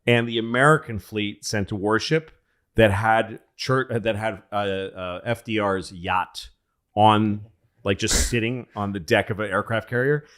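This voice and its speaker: A man's voice: on the low side, steady tone, a little slow, a bit bright. A man hosting a comedy podcast, telling rambling, profane history stories in a casual way.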